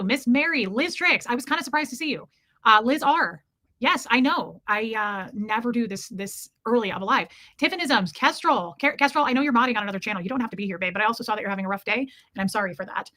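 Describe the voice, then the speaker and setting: A woman's voice: a little high, animated, quick pace, sharp tone. A woman hosting a casual livestream, chatting and greeting viewers by name as she rambles through updates.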